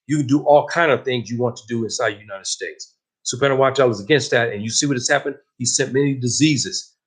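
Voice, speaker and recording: A man with a husky, slightly rough voice delivering a religious lesson. He preaches with passion and drives his points home with heavy emphasis. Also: mid-range voice. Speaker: Islamic teacher.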